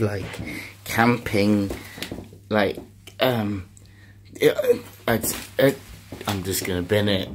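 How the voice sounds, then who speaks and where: British man in his thirties, lowish voice, chatty home vlog, talks to himself and the camera. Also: slight background noise. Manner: chatty, self-talking, quick to laugh. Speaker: vlogger. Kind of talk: casual video diary.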